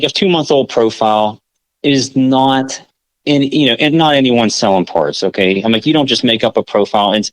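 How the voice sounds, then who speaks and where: An American man talks in a casual, rambling way, circling back and correcting himself as he goes. His voice sits low, and the sound is dry and close, with no room around it. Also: a bit bright, no echo, low-quality recording. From United States. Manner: rambling, self-correcting, lots of filler. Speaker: podcast co-host. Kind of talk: casual podcast chat.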